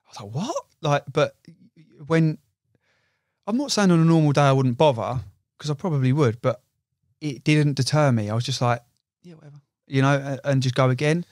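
A man's voice: medium pitch, fairly quick, darkish tone, dry recording, studio quality. A young man and carp angler, telling fishing stories in a casual podcast chat, swearing and saying "you know" a lot. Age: young adult.

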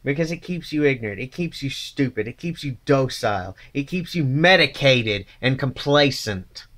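A man's voice: mid-range voice, lively intonation, normal speed, a bit bright. A man ranting angrily to his channel, contemptuous and swearing constantly. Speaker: channel host. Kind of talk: angry profane rant to camera.

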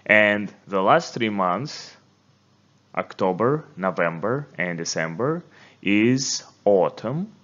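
Male language teacher, very slow and patient, lowish voice, slightly muffled lo-fi recording. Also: lively intonation, a bit bright. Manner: slow, patient, repeats words for the learner. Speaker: English teacher. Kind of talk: slow, deliberate language lesson.

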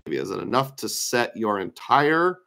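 A man's fairly low, creaky voice is bright and forceful, swinging widely in pitch at an unhurried pace, and slightly worn. He's giving a casual screen-share lecture on credit card points, conversational and opinionated, thinking aloud with fillers.

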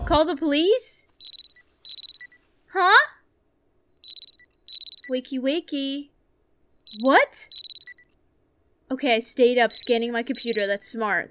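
A woman's voice: fairly high pitch, no room sound. A young woman streaming a horror game, chatting nervously with her viewers and reacting with jumpy alarm. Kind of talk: gaming commentary.

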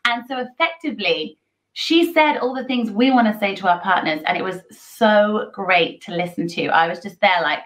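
A woman's voice: medium pitch, moderate pace, fairly bright tone, slight background noise. A woman giving relationship advice in a chatty, candid and confiding way. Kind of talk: casual advice talk.

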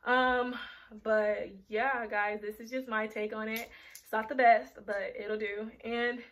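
Young woman, slightly high voice, casual fashion vlog, rambling, filler words, a bit out of breath. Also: level tone, slow. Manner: rambling, chatty, lots of filler likes. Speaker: fashion vlogger. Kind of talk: casual chat to camera. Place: bedroom.

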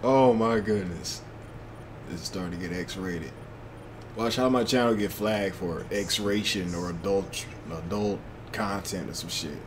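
A man's voice: low voice, measured pace, background noise. A young man giving loose, slangy commentary to himself while playing a shooter game. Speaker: gaming channel host. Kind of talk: casual gameplay commentary.

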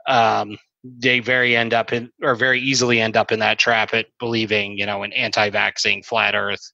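A man's voice: mid-range voice, bright, forceful tone, no echo, lo-fi sound. A man co-hosting a podcast, giving blunt, profane opinions in casual chat. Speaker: podcast co-host.

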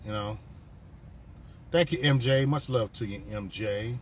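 Speaking at a measured pace, a man with a medium-pitched voice rambles and swears through casual banter on a live stream from his phone. He's on a work break with vehicle sounds close by, and a little hiss or hum runs under the audio.

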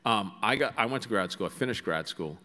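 A man's voice: lowish voice, lively intonation, a little fast, bright, forceful tone. A middle-aged man with a Boston accent, telling wry stories with asides to an auditorium audience. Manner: wry anecdotal storytelling with asides. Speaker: author speaking to an audience. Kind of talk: storytelling talk. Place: large auditorium. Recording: long hall reverb.

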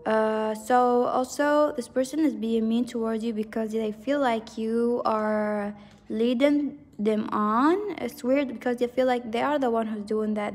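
A woman's voice: on the high side, in a large hall. A woman giving a pick-a-card tarot reading in a rambling, intuitive way, full of fillers and frequent laughs. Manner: intuitive, earnest, laughs often. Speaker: tarot reader.

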